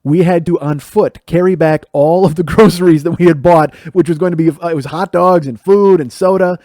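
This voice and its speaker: A man's voice: fairly high pitch, steady tone, brisk, mellow, no echo, studio quality. A middle-aged man from the Chicago area, hosting a podcast and telling profane stories about his childhood, laughing as he goes. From Chicago area, USA. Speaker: podcast host. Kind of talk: storytelling monologue.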